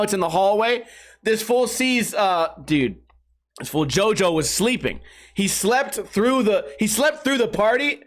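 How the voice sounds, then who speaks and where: A man in his thirties, a vlog host, telling rambling stories in a slangy, swearing, casual way, laughing often and losing his train of thought. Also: sits high. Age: 30s. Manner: slangy and animated when retelling stories.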